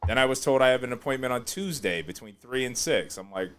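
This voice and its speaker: A man hosting a podcast, chatting casually and joking, often breaking into loud laughter. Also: medium pitch, fast, smooth. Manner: animated, joking, laughs loudly. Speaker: podcast host.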